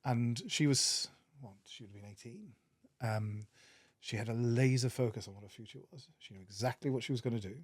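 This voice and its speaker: A man with a Welsh accent, a podcast guest telling stories in an earnest, animated way with many restarts. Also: mid-range voice, brisk, slightly rough, no room sound. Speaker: podcast guest, managing director. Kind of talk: casual interview storytelling.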